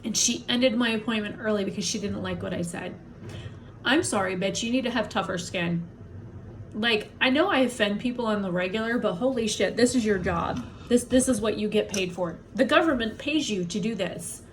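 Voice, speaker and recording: A woman vents on her vlog in a blunt, indignant rant, her mid-pitched voice laced with heavy swearing. She sounds upset and worn down by migraine pain, with a faint hum of room noise behind her. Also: normal speed. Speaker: vlogger. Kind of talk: angry personal rant to camera.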